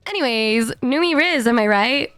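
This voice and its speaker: A high-pitched woman streamer with a hoarse, worn-out voice, chatting animatedly and laughing as she tells a story. Her voice is close and dry on the mic, with soft music playing underneath. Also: expressive, moderate pace, dry recording. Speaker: VTuber streamer. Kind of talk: casual livestream chat.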